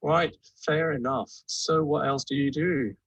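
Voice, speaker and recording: Laid-back British wizard chatbot, breathy voice, a male AI voice. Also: a little high, fairly even intonation, a little slow, a bit bright, dry recording, lo-fi sound, exaggerated voice. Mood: relaxed, friendly. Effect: text-to-speech. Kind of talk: AI chatbot speech.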